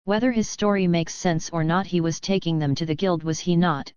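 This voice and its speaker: A woman's voice: on the low side, brisk, darkish tone, smooth, no room sound, lo-fi sound, natural voice. A woman reading as a stern female captain. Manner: stern, firm, dryly sarcastic.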